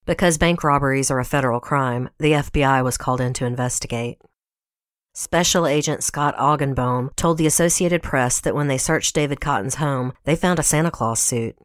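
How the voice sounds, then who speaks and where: A woman from Tennessee with a Southern American accent, a guest podcast host reading a scripted true-crime story in a measured storytelling way. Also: a bass voice, no echo, clean studio sound. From Tennessee, USA.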